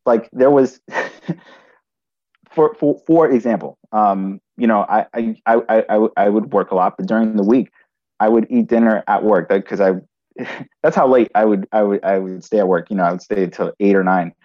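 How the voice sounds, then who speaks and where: A man's voice: on the low side, lo-fi sound. A man telling a personal story in conversation, restarting often and adding "right?" as he goes. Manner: halting, frequent restarts and "right?" tags.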